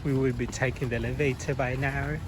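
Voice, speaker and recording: A woman's voice: extremely low pitch, steady tone, fast talker. A young woman, teasing friends in a casual student vlog. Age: young adult. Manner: playful, giggly, teasing. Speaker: student vlogger. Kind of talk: casual chat. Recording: noisy outdoor phone recording.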